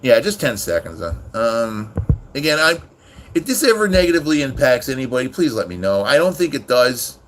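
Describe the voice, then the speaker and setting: A man's voice: medium pitch, very animated, brisk, fairly bright tone, slight background noise. A man hosting a casual livestream, rambling with many restarts and swearing freely as he talks to his chat. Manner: rambling, profane, irritated with chat. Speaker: livestream host.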